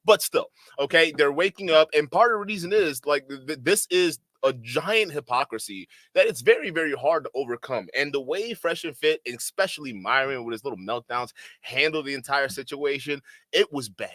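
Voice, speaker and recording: A man's voice: on the high side, animated, moderate pace, hardly any pauses, a bit bright, no echo. A man hosting a casual commentary show, rambling and profane, often tacking on "okay?". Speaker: commentary channel host.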